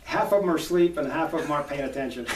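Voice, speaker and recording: A man talking as a cowboy poet guest in a casual interview, folksy and storytelling. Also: a little high. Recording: echoey room, distant mic, faint noise.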